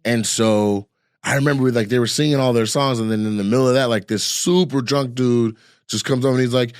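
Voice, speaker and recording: A man's voice: medium pitch, fairly even intonation, fast talker, darkish tone, clear, resonant tone. A man in casual conversation, telling stories with lots of energy and jumping into other people's voices as he goes. His voice sits in a middle register. The sound is dry and close, with no room echo. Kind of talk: casual storytelling chat.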